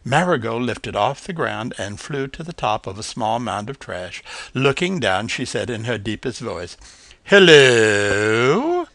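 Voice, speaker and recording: A man reading a children's story aloud at a steady, measured pace. His voice is bright and gravelly, with a lively rise and fall, recorded close and dry. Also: mid-range voice, no echo.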